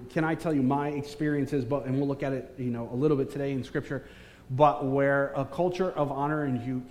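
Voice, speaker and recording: A man preaching to a live church congregation as a guest pastor, joking and teasing the crowd with lots of energy. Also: medium pitch. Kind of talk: live church sermon with banter. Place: large church hall with congregation. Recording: distant reverberant hall, faint room noise.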